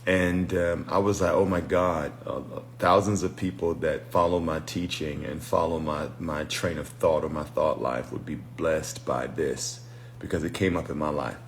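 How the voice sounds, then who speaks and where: A male pastor and deliverance minister with a remarkably deep, low voice gives a late-night livestream teaching. He talks in a reflective, measured way and breaks off now and then to greet viewers by name. A faint hum of noise sits under the recording. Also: fairly even intonation.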